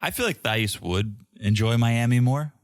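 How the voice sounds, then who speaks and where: A man's voice: medium pitch, moderate pace, no room sound. A man co-hosting a casual podcast, recapping a reality show and tossing in dry, sarcastic quips. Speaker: podcast co-host.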